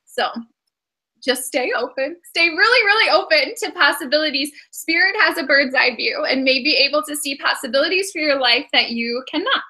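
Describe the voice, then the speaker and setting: High, bright giggly woman reader. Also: animated, normal speed. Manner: giggly, chatty, many fillers. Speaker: tarot and astrology reader. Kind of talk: casual spiritual reading.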